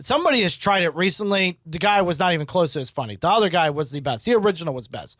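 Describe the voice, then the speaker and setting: A man in his twenties co-hosting a podcast, chatting casually and telling animated, profane stories. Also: high-pitched, quick pace, no echo, clean studio sound. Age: 20s. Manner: animated storyteller, swears freely. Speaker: podcast co-host. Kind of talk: casual chat.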